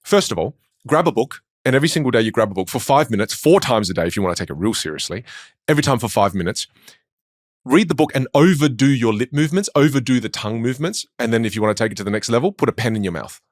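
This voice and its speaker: A man with an Australian accent, a speech coach talking in a podcast interview with quick, emphatic storytelling. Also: mid-range voice, lively intonation, no echo, studio quality.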